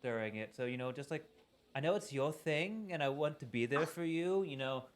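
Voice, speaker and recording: Man doing a teen influencer girl, vain, catty, slangy, dismissive sighs, higher-pitched. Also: lively intonation, normal speed, natural voice. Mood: gossipy. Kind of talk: tabletop role-play character voice.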